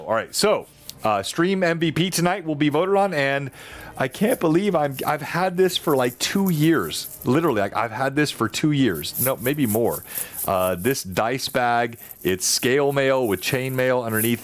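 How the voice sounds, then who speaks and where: A man's voice: mid-range voice, animated, normal speed. A man running a tabletop game on a live stream, narrating scenes and thanking viewers and players. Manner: thanks chat and players, laughs easily. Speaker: game master.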